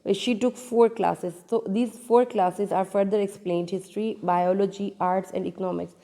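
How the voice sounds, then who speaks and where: A woman teacher giving a grammar lecture, halting and restarting often, putting questions to her students. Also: mid-range voice, fairly even intonation, dark tone, big-room sound. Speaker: English teacher.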